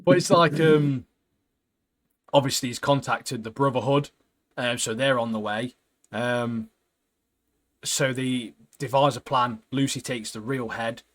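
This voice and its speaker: A man, co-hosting a podcast and casually recapping a TV episode in a chatty, animated way. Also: medium pitch, measured pace, long pauses. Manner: chatty and animated, often laughing, frequent "mate". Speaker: podcast co-host.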